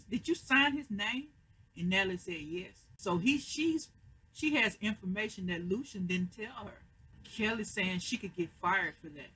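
An American recap host talks through a TV episode at home on a webcam mic. The voice is bright and a little husky. Quoted lines get played out with growing emphasis. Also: mid-range voice, poor audio. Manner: retells scenes, acting out quoted lines with rising emphasis. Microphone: computer webcam mic.

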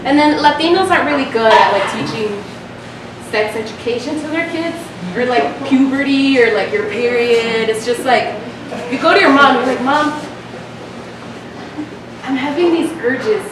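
A young woman doing a stand-up comedy set, chatty and self-mocking, often laughing along with her own punchlines. Her voice sits a little high and carries through a strongly echoing room. It is picked up from some distance, with loud noise around it. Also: moderate pace. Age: young adult. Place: small live venue with audience laughter. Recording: echoey, distant, noisy live room recording.

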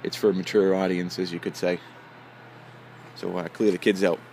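A man's voice: sits low, level tone, normal speed, a little mellow, a little hiss or hum. A man casually telling a long joke on his channel, rambling with many fillers. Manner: rambling, filler-heavy delivery.

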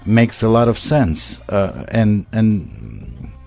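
An older man, a poet guest on a radio show, speaking haltingly with many fillers and formal wording. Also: on the low side, big pitch swings, creaky, dark tone, soft background music. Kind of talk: radio interview. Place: radio studio.

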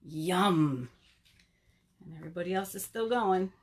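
A woman, a children's librarian, reading a story aloud at home for a virtual storytime, expressive and talking directly to the kids. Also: medium pitch, a little slow, slight background noise.

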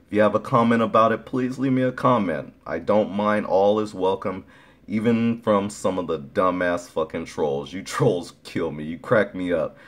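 Blunt, profane man with a very deep voice. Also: moderate pace. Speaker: YouTube vlogger. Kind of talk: casual opinion vlog.

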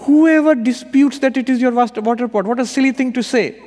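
A man's voice: sits high, sing-song, moderate pace, big-room sound, pitched above the performer's own voice. A man doing an irritated old-world emperor. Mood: indignant. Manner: exasperated, indignant. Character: irritated proud male emperor.

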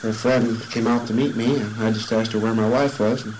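A man, a bereaved father, speaking in a numb, halting way in an interview. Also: on the low side, fairly even intonation, background noise. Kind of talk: interview testimony.

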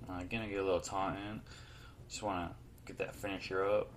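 A man giving casual, joking let's play commentary, reacting excitedly to the game and trash-talking his opponent. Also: sits low, a little fast, slight background noise. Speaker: gaming YouTuber.

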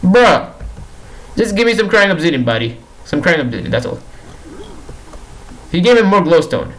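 A man's voice: fairly high pitch, lively intonation, moderate pace, pauses often, a bit bright, rough recording. A young man giving casual commentary while playing a game, pleading with and teasing the characters on screen and repeating himself in exasperation. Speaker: gaming YouTuber.

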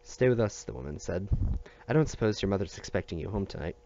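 A man reading a novel aloud at a steady pace, with small restarts and slips. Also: sits low, fast, vocal fry, dull audio, a little hiss or hum. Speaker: audiobook reader.

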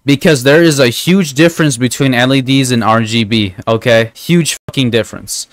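A man's voice: medium pitch, normal speed, no echo. A man streaming a game, telling a long rambling story in a casual, profane way, constantly asking "right?". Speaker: gaming streamer. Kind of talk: casual storytelling while gaming.

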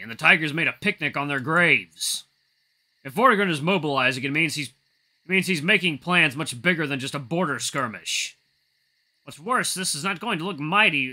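A blunt, weary wolf chief lays out his case in a firm, lecturing tone, as a man reads his lines. The voice is bright and fairly high for a man, with a piercing edge. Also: animated, moderate pace, exaggerated voice.

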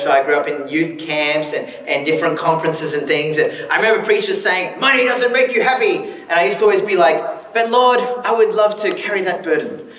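A man with a somewhat high voice gives a relaxed, joking sermon, often restarting his sentences. He sounds a little distant from the mic, in a church hall with a long echo and faint background noise. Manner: conversational, joking, with frequent restarts. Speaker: guest preacher.

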